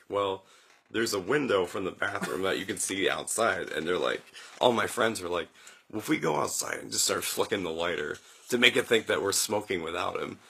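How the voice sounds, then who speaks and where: A young man hosting a podcast, telling a story in a casual, animated way, acting out quotes with jumps in his voice and laughing often. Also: deep voice, creaky, slightly rough. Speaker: podcast host.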